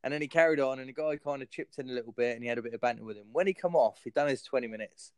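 A man's voice: mid-range voice, very fast, a crowd in the background. A man hosting a podcast, telling crude stories in casual chat and acting out other people's lines. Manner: crude storyteller acting out quotes. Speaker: podcast host and comedian.

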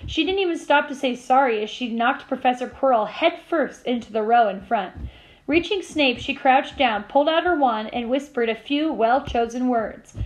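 A woman teacher reading a novel aloud to her class, with steady storytelling and small slips she corrects. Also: high voice, normal speed, low-quality recording.

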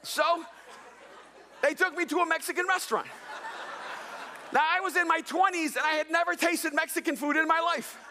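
Animated pastor from El Salvador. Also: male voice, extremely high pitch, big-room sound, slight background noise. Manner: animated storytelling with jokes. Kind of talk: sermon.

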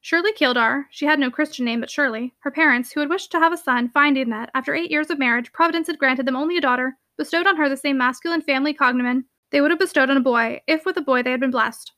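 A woman narrates a classic novel in a brisk, expressive way. Her voice is high and bright, and she moves along at a quick pace. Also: no room sound, clean studio sound. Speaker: audiobook narrator. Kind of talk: reading a classic novel aloud.

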